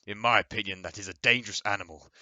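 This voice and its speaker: A man's voice: on the low side, fairly even intonation, fast, pushed and bright, dry recording, lo-fi sound. A man playing a pompous, indignant middle-aged father who scolds and rants.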